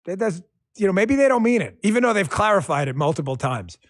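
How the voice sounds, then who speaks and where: A middle-aged man hosting a political podcast, combative and mocking, who swings from shouted insults to quiet muttered asides. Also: high voice, big pitch swings, fast. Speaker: podcast host. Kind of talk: political commentary.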